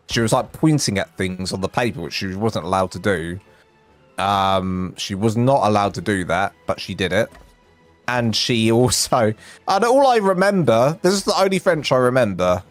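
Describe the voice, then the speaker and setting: A man from England with a lisp, a game streamer telling rambling, self-mocking stories in casual chat. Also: fairly low pitch.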